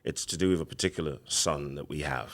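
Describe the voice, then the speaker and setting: Deep-voiced London man telling his story. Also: fast. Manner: animated retelling with acted quotes. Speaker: podcast guest. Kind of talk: casual storytelling.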